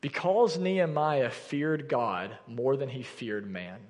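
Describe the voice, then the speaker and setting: A man's voice: medium pitch, takes it slowly, a little mellow, long reverb tail. A young adult man preaching a sermon as pastor, addressing the congregation directly and earnestly. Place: church sanctuary.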